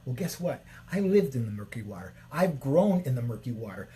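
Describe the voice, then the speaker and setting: A man's voice: medium pitch, sing-song, a little fast, warm tone, slight background noise. A man, a shamanic healer, giving an unscripted spiritual talk to his viewers in repetitive, chant-like phrases and sometimes blunt, profane words. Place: Sedona, Arizona.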